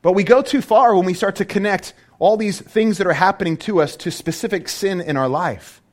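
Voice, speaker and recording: A man preaching a sermon as a pastor, animated and full of rhetorical questions. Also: high voice, a little fast.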